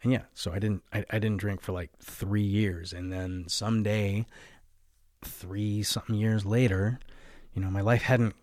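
Low-voiced guy telling his own story, swears constantly, keeps saying "right?", dry sound. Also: steady tone, unhurried, darkish tone, dry recording. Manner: candid, profane, fillers of "right?" and "like". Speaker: podcast host. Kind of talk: confessional personal storytelling.

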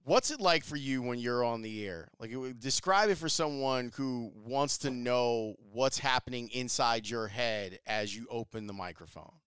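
A man's voice: mid-range voice, moderate pace, hardly any pauses, fairly bright tone, clear, resonant tone, no room sound. A man interviewing a guest in a friendly, conversational way, with short interjections. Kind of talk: interview questions.

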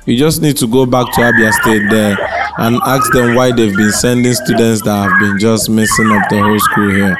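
A man's voice: on the low side, steady tone, moderate pace, over loud music. Man with a stern, accusing manner. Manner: stern, accusing questions with a straight face. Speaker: prank-call podcast host. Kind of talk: prank phone call and podcast outro.

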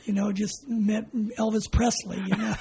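An older man from California recounts his army days in an oral history interview. His voice is mellow and warm. He tells it in a lively way, acting out each side of the conversation and laughing along, with faint noise behind him. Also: high-pitched, a little slow, gravelly, poor audio. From California, USA. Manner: animated, acts out dialogue, laughs often. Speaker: interviewee, veteran.

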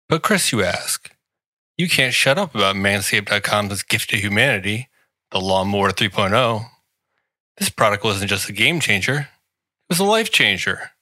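A man's voice: lowish voice, pushed and bright, no echo. A man reading a comedic ad with sarcastic, mock-grandiose flair, teasing the listener. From Washington, D.C. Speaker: podcast host reading an ad. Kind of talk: comedic ad read.

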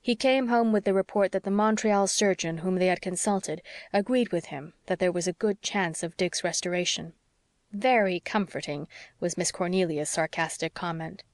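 A woman narrating an audiobook in a steady, unhurried reading voice. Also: medium pitch, dry recording, clean studio sound. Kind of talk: scripted narration.

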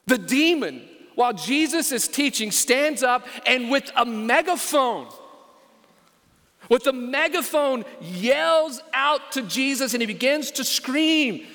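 A male pastor delivers a sermon with a high, bright and forceful voice. He is emphatic and keeps turning to his listeners with questions. The sound carries the long reverb of a large church sanctuary. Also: lively intonation, slow pace. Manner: emphatic preaching, asks the congregation questions. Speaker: senior pastor.

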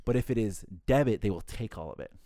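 A man's voice: fairly low pitch, animated, warm tone, dry recording, clean studio sound. A man who works a hotel front desk, telling stories in casual chat, swearing freely and acting out what callers said. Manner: fast, profane, acts out callers' lines.

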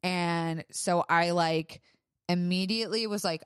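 A woman's voice: lowish voice, moderate pace, no echo, studio quality. A young woman co-hosting a podcast, telling a story in casual chat and acting out what people said, with lots of "like". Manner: animated storytelling, acts out quotes, frequent "like". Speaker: podcast co-host.

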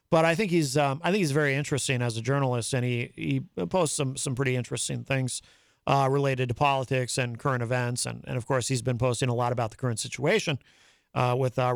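A man's voice: mid-range voice, smooth, dry recording, clean studio sound. A man hosting a live talk show, chatting casually and reading viewer comments aloud. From New England, US. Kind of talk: casual live-stream chat.

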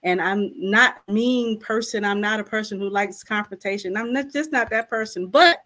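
A woman's voice: medium pitch, moderate pace, a bit bright. A woman guest co-author, telling her personal testimony candidly and acting out her own prayers.

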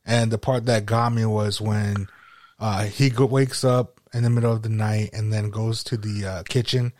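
A man hosting a casual podcast, unhurried and drawling. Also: lowish voice, steady tone, a little mellow, no echo, studio quality. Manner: unhurried, drawling delivery with a put-on creepy sign-off voice. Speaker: podcast host.

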